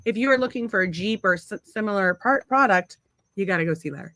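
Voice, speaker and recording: A woman's voice: mid-range voice, lively intonation, fast talker, sharp tone, no room sound, studio quality. A woman co-hosting a casual podcast, blunt and profane, teasing her husband and answering listeners. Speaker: podcast co-host. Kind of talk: casual banter.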